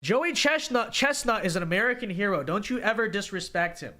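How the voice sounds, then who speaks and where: A man's voice: high-pitched, expressive, a little fast, pushed and bright. A young man hosting a livestream, ranting emphatically and repeating himself to press his point. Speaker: livestream host. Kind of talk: casual livestream rant.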